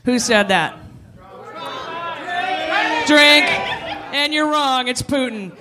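A man's voice: very high voice, very slow, over a noisy crowd, very noisy. A man hosting a live comedy show on stage, running a quiz game with playful, laughing banter. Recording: live club audience behind.

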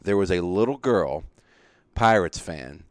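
Man, fairly low voice, smooth, animated storyteller, casual chat, dry close sound. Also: unhurried, dry recording. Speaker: podcast co-host, baseball fan.

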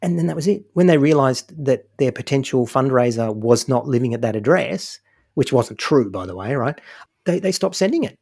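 A man co-hosting a podcast in casual chat, joking and animated. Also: medium pitch, moderate pace, creaky. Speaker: podcast co-host.

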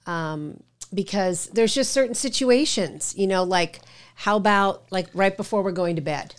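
A woman's voice: mid-range voice, measured pace, smooth. A middle-aged woman co-hosting a podcast, chatting casually and affirming her husband's points. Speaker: podcast co-host, pastor's wife. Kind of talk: casual chat.

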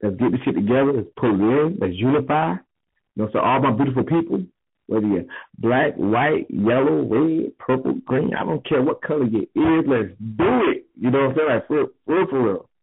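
A man's voice: medium pitch, expressive, moderate pace, breathy edge. Tipsy man ranting over a phone line. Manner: profane, rambling. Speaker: voicemail caller. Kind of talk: rambling voicemail rant. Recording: tinny phone voicemail.

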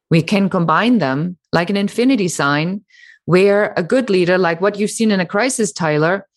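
Middle-aged woman, deep voice for a lady, punchy and animated, talking bout her work. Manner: animated, emphatic, sarcastic mimicry. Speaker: author and business founder. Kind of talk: interview answer.

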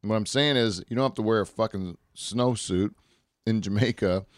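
A man's voice: lowish voice, moderate pace, no room sound. Rambling profane man, dry. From Canada. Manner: rambling, profane, laughs often. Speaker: podcast co-host. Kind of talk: casual chat.

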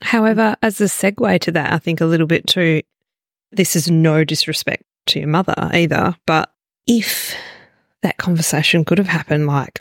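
A woman hosting a podcast, talking thoughtfully and gently probing her guest. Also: lowish voice, moderate pace, no room sound, studio quality. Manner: thoughtful, gently probing, with soft murmurs of assent. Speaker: podcast host. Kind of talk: reflective conversation.

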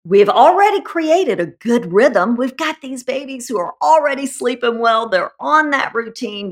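Lively high-voiced woman parenting expert. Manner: upbeat and emphatic, keeps asking "right?". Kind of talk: casual chat.

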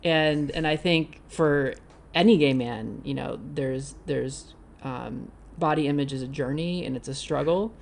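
A man joins a podcast as a guest, laid-back and frank, with an easy, joking manner. He sits beside the host and shares one mic, so his voice comes through quieter and farther off. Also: on the high side, unhurried, creaky, slight background noise. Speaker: guest, YouTuber. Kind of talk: casual podcast interview. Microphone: shared desk mic, off to the side.

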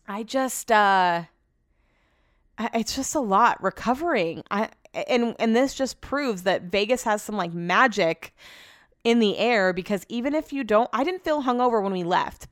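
A woman's voice: mid-range voice, a bit bright, smooth, dry recording, clean studio sound. A young woman hosting her own podcast, rambling in casual chat with lots of fillers and restarts. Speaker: podcast host. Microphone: podcast mic.

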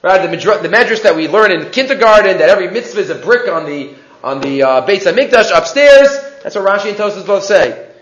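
A man's voice: sits high, lively intonation, brisk, fairly bright tone, echoey room, muffled recording, a little hiss or hum. A man teaching a class in a conversational lecturing way, asking rhetorical questions.

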